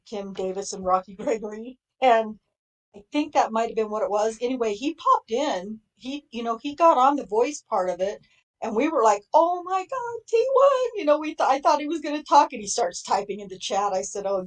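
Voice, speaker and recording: A woman's voice: mid-range voice, low-quality recording. Woman co-hosting a stream, mid voice, laughy chatty talk. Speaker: stream co-host. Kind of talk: casual chat on a livestream.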